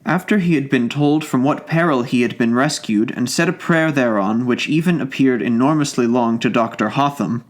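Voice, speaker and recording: A man narrating a classic story as an audiobook, in a measured, formal literary reading. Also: medium pitch.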